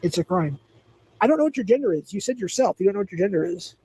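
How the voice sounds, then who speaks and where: High-voiced blunt man scolding his chat. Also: quick pace, slightly rough, rough recording. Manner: blunt, repetitive, scolding, tells viewers to calm down. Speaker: livestream host. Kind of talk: livestream chat, reacting to viewers.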